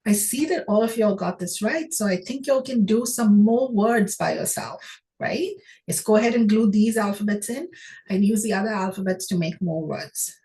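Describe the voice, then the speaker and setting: A woman teaching children phonics, patient and encouraging, sounding out words slowly and praising often. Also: medium pitch, warm tone. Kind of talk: phonics lesson to young children.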